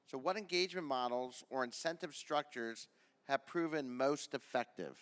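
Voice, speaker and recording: Man, panel moderator. Brisk, conversational, clear tone. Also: mid-range voice, a bit bright. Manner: brisk, conversational question framing.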